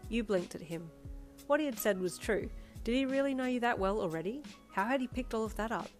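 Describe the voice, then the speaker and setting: A woman narrating a fan fiction story in an expressive second-person reading. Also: a little high, a little fast, soft background music. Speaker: audiobook narrator.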